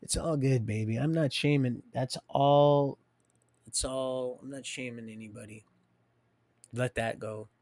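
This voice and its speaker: A man's voice: medium pitch, steady tone, measured pace, a little mellow, no echo. A man hosting a livestream, rambling and preachy, talking straight to his viewers. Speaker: livestream host.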